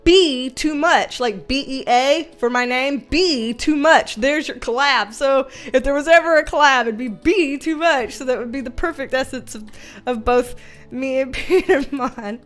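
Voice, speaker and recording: High-voiced giggly woman streaming. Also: measured pace, soft background music. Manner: giggly, chatty, easily excited. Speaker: livestream host reading chat. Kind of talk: casual livestream chat.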